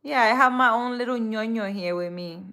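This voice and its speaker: A woman spiritual reader chats casually on a live stream, answering comments in a soft-spoken, hesitant way. Her voice is a little high and her pace moderate.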